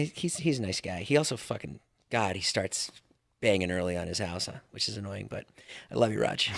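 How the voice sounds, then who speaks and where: A man's voice: lowish voice, vocal fry. A man in his forties co-hosting a casual podcast, telling stories with many restarts and acting out what his neighbors said. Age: 40s. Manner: animated, stammering storyteller who acts out neighbors' lines. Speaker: podcast co-host. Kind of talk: casual storytelling chat.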